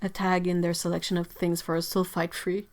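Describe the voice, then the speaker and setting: A young woman with a stuffy nose, hosting a casual livestream from her home art studio. She chats and giggles, reads out viewer comments, and trails off into soft asides. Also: lowish voice, little pitch movement, normal speed. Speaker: livestream host.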